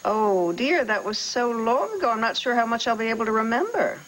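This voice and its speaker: An actress playing a hesitant, evasive woman in a 1980s TV soap opera, hedging with many pauses. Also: a little high, animated, fairly bright tone, slight background noise, rough recording. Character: hesitant evasive woman, former records keeper. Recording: old TV broadcast recording.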